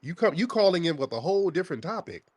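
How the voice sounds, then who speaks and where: A man's voice: on the high side, big pitch swings, fast talker, a crowd in the background. A man hosting a call-in show, confronting a caller in a heated, scornful, interrogating way.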